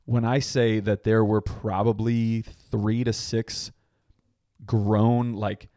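A man's voice: on the low side, flat delivery, takes it slowly, warm tone, no room sound. A man tells a rowdy party story on a casual podcast. He swears freely and laughs often as he talks. The sound is dry and close. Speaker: podcast co-host.

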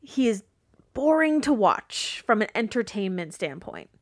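A woman co-hosting a wrestling podcast, talking in a blunt, animated, casual way and swearing freely. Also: mid-range voice, unhurried, no room sound, studio quality. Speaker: podcast co-host. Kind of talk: casual wrestling recap chat.

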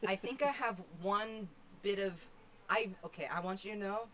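A woman's voice: medium pitch, normal speed, fairly bright tone, a little hiss or hum. A young woman hosting a podcast, talking candidly in a casual chat, swearing and laughing often. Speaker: podcast host.

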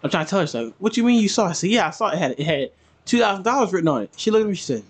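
Guy on a podcast, pitch jumps all over, telling a story and doing everyone's lines, kinda high voice. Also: very fast. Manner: animated, acts out quotes of family. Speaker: podcast co-host. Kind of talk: casual storytelling chat.

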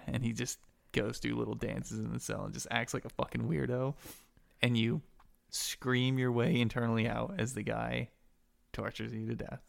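A man's voice: medium pitch, little pitch movement, normal speed, gravelly. A man narrating as game master of a tabletop game, telling the story in a casual, crude way.

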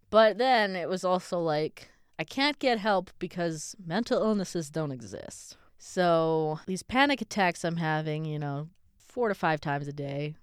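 Woman, candid storytelling, wry and self-mocking, unhurried, lowish smooth voice. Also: dry recording, studio quality. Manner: breaks into laughter often. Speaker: vlogger.

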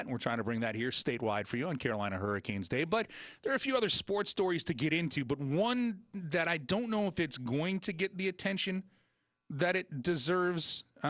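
A man filling in as host on a sports talk radio show, joking and rambling with quick asides. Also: medium pitch, fairly bright tone, dry recording, clean studio sound.

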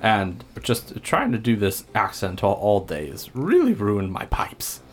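A man voicing a nervous, evasive middle-aged male cafe owner in a tabletop game, hoarse and stammering. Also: on the low side, huge pitch swings, unhurried, a little hiss or hum. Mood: flustered. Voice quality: strained, hoarse put-on voice. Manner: hesitant, stammering.

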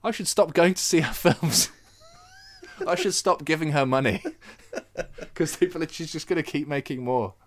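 A man's voice: fairly high pitch, unhurried, slight background noise. A man co-hosting a podcast, ranting in a casual chat and swearing freely. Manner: animated, swearing ranter. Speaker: podcast co-host.

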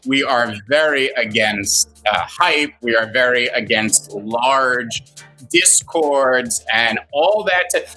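A man's voice: medium pitch, takes it slowly, bright, forceful tone, faint music behind, rough recording. A man co-hosting a casual online morning show, joking and riffing on slang. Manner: jokey, riffs with mock accents. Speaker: show co-host. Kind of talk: casual podcast chat.

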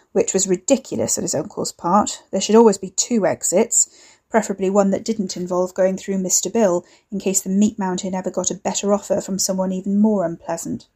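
A woman reading a story aloud in measured, wry scripted narration. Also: mid-range voice, warm tone.

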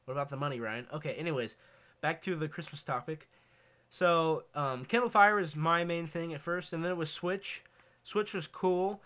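Rambling teenage boy, bright voice. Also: fairly high pitch, normal speed. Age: teens. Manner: rambling, many ums, tangents. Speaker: podcast co-host. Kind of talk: casual chat.

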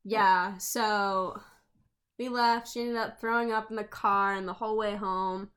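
In casual podcast chat, a twenty-something co-host from England tells lively stories with blunt, frequent swearing. She talks at an unhurried pace in a medium-pitched voice.

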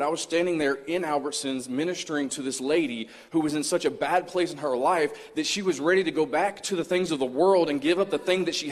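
A man preaching a mini sermon in a church, telling a personal story in an earnest, conversational way. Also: on the high side. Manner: conversational, earnest, acts out his own past words. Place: church sanctuary. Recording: long church hall reverb.

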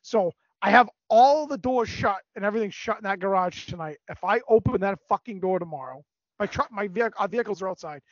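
A high-voiced man tells a rambling story with plenty of swearing and energy. His voice sits dry and close in a dull, lo-fi recording. It sounds like casual podcast chat. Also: a little fast, no echo. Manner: animated, profane storytelling. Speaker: podcast co-host.

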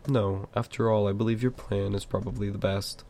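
A man voicing an old male wizard, grave and stern, speaking in a measured way in an amateur audiobook reading. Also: lowish voice, fairly even intonation, warm tone, slight background noise, lightly acted.

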